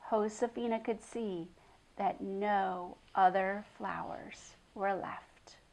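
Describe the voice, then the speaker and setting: Slow, gravelly woman reading a children's book. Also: mid-range voice, rough recording. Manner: expressive, dramatic reading with hushed drops. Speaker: storyteller. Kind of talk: children's book read-aloud.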